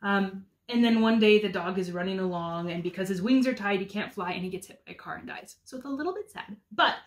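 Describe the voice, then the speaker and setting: A woman's voice: mid-range voice, a little fast. A woman in her thirties chatting casually about favorite picture books, enthusiastic with frequent ums. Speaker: homeschool mom reviewing picture books. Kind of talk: casual book recommendations.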